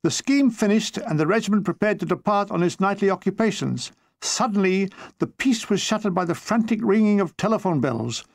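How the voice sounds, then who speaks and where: A man reading his own comic war memoir in a dry, deadpan way. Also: high voice, fairly quick, few pauses.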